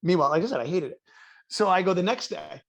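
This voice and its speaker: A man's voice: sits high, expressive, fast. A man from New Hampshire, a comedian guest on a podcast, telling a story in casual chat and acting out the quoted voices, swearing freely. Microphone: video call.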